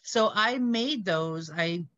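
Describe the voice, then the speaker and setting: A woman's voice: mid-range voice, animated, slow pace, fairly bright tone, highs cut off. A woman co-hosting a casual chat, making dry wry quips. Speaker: co-host.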